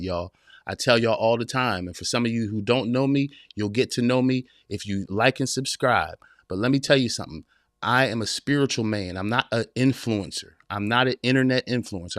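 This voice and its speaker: A man's voice: lowish voice, a bit bright, no room sound. Preachy man in his forties, dry close mic. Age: 40s. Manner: preachy, direct address with repetition; casual, addresses listeners as y'all and man. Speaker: podcast host. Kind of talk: live-streamed motivational podcast talk.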